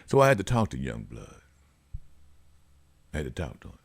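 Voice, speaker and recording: A man hosting a radio talk show, telling stories in a lively way and acting out the people in them. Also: rumbling low, normal speed, slightly rough. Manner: animated storytelling, acts out the people in his stories. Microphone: studio mic.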